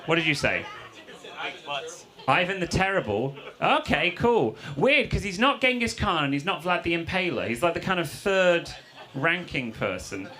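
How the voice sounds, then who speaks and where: Playful comedian working the crowd. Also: male voice, a little high. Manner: playful, teasing, laughing between quips. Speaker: comedian and freestyle rapper. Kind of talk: stand-up crowd work. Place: comedy club stage before a live audience. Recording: live band music loud behind the voice.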